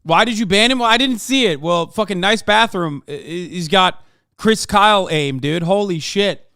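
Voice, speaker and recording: A man's voice: high-pitched, moderate pace, sharp tone, smooth, no room sound, clean studio sound. A young man streaming, reacting to clips with sarcastic, profane commentary and bursts of laughter. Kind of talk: casual livestream commentary.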